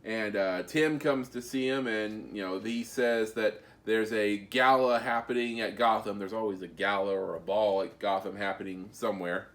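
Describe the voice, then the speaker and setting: A man's voice: on the low side, fairly even intonation, moderate pace, few pauses, a bit bright. Rambling man recapping comics. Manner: rambling, many fillers. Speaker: podcast co-host. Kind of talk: casual comic book review chat.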